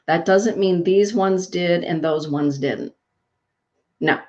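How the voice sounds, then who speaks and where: A woman hosting a live-streamed spiritual show, greeting viewers by name and giving card readings in a soft, affirming, chatty way. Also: low voice, steady tone, unhurried. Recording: dull lo-fi stream audio.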